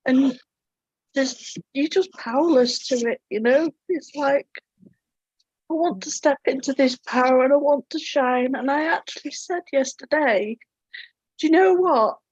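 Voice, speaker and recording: A woman's voice: high-pitched, fairly even intonation, measured pace, no echo. A woman sharing candidly and tearfully in a spiritual group call, swearing freely. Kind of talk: emotional sharing. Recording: dry, muffled audio.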